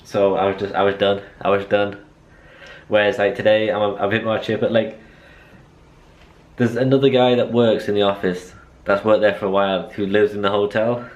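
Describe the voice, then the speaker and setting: A man's voice: on the low side, level tone, normal speed, highs cut off. A young man chatting in a rambling, self-mocking way as a vlogger. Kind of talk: casual vlog chat.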